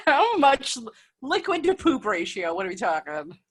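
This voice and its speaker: A woman's voice: high-pitched, sing-song, measured pace. A woman co-hosting a casual podcast, bantering and teasing with frequent laughs. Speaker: podcast co-host. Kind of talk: casual chat.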